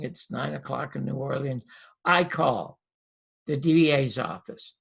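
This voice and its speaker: Gravelly older male storyteller. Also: fairly high pitch. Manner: lively anecdotal storyteller, acts out dialogue. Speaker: guest, former TV host and comedian. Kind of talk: animated storytelling interview.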